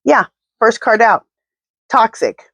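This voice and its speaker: A woman's voice: fairly high pitch, animated, slow, gravelly, fairly bright tone, husky, no room sound, lo-fi sound. A woman doing a casual tarot reading to camera, talking to her spirit guides and speaking bluntly and indignantly. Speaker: tarot reader.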